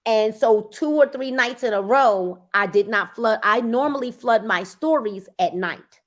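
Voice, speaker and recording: A woman sales coach in casual motivational talk, emphatic and repeating phrases for effect, sometimes breaking into loud urging. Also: fairly high pitch, measured pace. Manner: bursts into loud urging at times.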